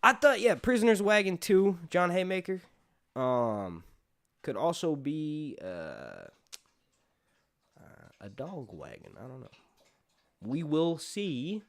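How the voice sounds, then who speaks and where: A man rambling through a casual live stream chat with an animated voice that jumps around in pitch. He talks loosely, swears freely and laughs often. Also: slow pace, vocal fry, long pauses. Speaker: YouTube host.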